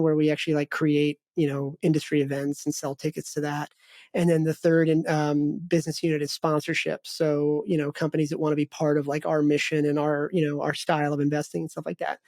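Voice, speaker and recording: High-voiced man hosting a podcast. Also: a little mellow, dry recording. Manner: storytelling, rambling with restarts. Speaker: podcast host. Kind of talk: casual interview chat.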